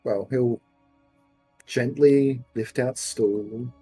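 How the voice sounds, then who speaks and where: A man playing a tabletop game, gentle and affectionate as he describes his character's actions. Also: mid-range voice, steady tone, very slow, husky, faint music behind. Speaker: player. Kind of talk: tabletop role-play.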